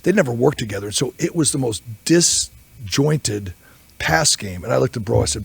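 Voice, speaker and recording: A man's voice: medium pitch, expressive, moderate pace, vocal fry, breathy edge, no room sound. A man, an offensive line coach, giving candid, rambling answers at a press conference and telling stories as he goes. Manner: rambling storyteller, candid, self-interrupting.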